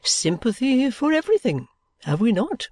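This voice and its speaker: A woman reading an audiobook, voicing a whimsical, childlike middle-aged gentleman with a light, sing-song manner and slow, drawn-out phrases. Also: a little high, sing-song, slightly rough, no room sound, clean studio sound, pitched above the performer's own voice.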